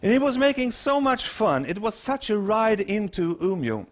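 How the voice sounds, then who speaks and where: Swedish guy telling a story on stage, voice a bit high, does little acted quotes. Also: big pitch swings, moderate pace. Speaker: keynote speaker. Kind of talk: storytelling talk to an audience.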